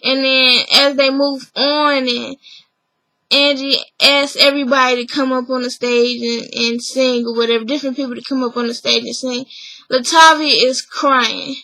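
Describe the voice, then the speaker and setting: A woman's voice: high-pitched, fairly even intonation, normal speed, sharp tone, no room sound, low-quality recording. A woman recapping a reality show episode in a chatty, opinionated vlog, acting out the people she quotes. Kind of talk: casual recap review.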